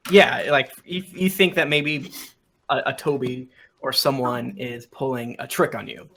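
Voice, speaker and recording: Bright-voiced man running a tabletop game. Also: medium pitch, steady tone, measured pace, gravelly, a little hiss or hum. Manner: rambling, many fillers and restarts. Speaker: game master. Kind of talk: live-streamed tabletop game narration.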